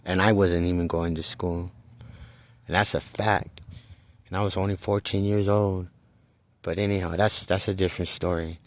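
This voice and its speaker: A man with a very low, deep voice tells a personal story in a loose, casual way. He rambles, restarts his sentences and swears freely. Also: level tone, moderate pace, long pauses.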